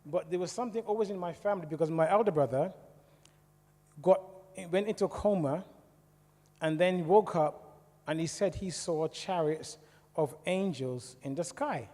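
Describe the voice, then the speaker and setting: Man from the West Indies telling his story to a congregation in a chatty way; warm, somewhat high voice in a hall with long reverb. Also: normal speed. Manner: conversational, asks the audience questions. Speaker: church speaker. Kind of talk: testimony talk to a congregation. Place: church hall.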